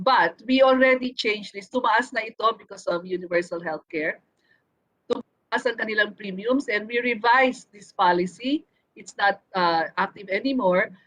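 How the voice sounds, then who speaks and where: A woman with a Filipino accent, a health insurance official giving formal testimony at a hearing over a video call, halting and full of filler pauses. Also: medium pitch, a bit bright, lo-fi sound.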